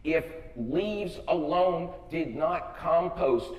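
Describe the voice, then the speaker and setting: A man's voice: a little high, expressive, extremely slow, darkish tone, lo-fi sound. An older American man giving a humorous public talk, with a wry, joking and emphatic delivery. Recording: echoey hall, voice from far off.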